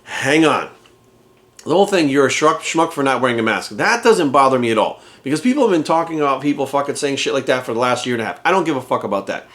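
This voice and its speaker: A man's voice: medium pitch, lively intonation, fast, a bit bright. A man, a fitness coach, ranting angrily to camera in coarse, profane language. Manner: profane, heated, indignant ranting. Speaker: fitness coach and channel host.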